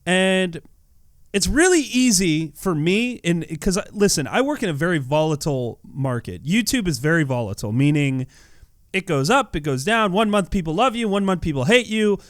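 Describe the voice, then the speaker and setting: A man giving casual devotional commentary over a gameplay video as a YouTuber, earnest and animated, often repeating words as he talks. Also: high-pitched, normal speed, no echo, clean studio sound.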